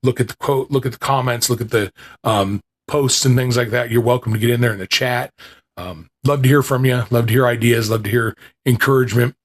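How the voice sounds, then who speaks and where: This small-podcast host talks fairly quickly in a medium-pitched, steady tone. His casual chat is rambling and self-deprecating, full of restarts, before he moves on to reading an old lecture aloud with a voice that hasn't fully recovered.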